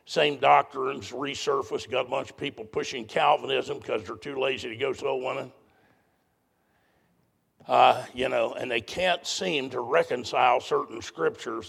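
Older male pastor, folksy and blunt from the pulpit, with a heavy rasp and a husky tone. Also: medium pitch, fairly bright tone. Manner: folksy, blunt, emphatic preaching. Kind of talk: sermon.

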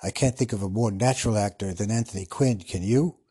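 Husky, rambling male podcast host. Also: fairly low pitch, brisk, mellow. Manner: rambling, loses his train of thought, lots of restarts. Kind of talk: casual podcast monologue.

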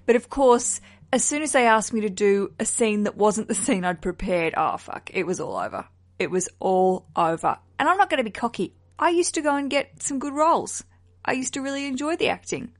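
A woman from Australia hosting a podcast in casual chat, frank and expressive, swearing casually. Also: fairly high pitch, fairly quick. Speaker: podcast host.

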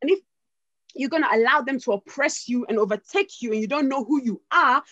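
A woman voicing a defiant queen mother with a put-on accent, declaiming slowly, loudly and forcefully. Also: sits high, no echo. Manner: slow, loud, forceful declaiming. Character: defiant queen mother rallying her people. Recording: dull lo-fi dry recording.

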